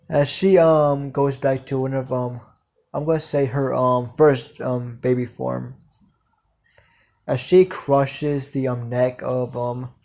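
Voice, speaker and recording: A man's voice: mid-range voice, warm tone. A man narrating an improvised fan story, hesitant and full of fillers.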